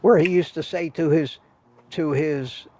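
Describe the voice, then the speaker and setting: On a casual livestream, an older male host rambles chattily to his viewers with the patter of a salesman. His voice leans high, steady and warm at a measured pace, coming through dull lo-fi stream audio.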